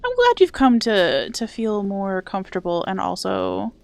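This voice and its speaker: A young woman streams a game and chats playfully with her viewers, reading and answering their messages. Her medium-pitched voice swoops wildly, sounds creaky, and moves unhurriedly, in a dry recording.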